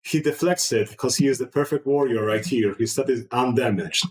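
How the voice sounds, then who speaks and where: A man running a tabletop game as game master, chatty and relaxed, with many fillers. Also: mid-range voice, moderate pace, echoey room, low-quality recording.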